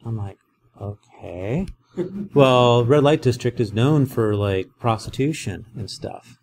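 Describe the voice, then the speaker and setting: A man teaching a Greek lesson as a professor, explaining in a conversational, animated way. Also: medium pitch, slow, vocal fry, slight background noise.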